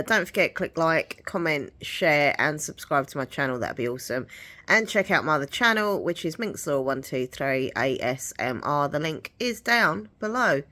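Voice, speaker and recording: A woman's voice: sits low, pushed and bright. A woman chatting casually in a home vlog, rambling and giggly, her voice a bit nasal from hay fever. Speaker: vlogger.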